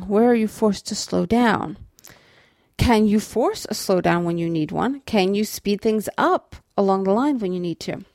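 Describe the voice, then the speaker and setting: A woman's voice: mid-range voice, darkish tone, no room sound, studio quality. A woman teaching writing, explaining patiently with small restarts and tapping out rhythms as she goes. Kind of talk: explanatory lecture on prose rhythm.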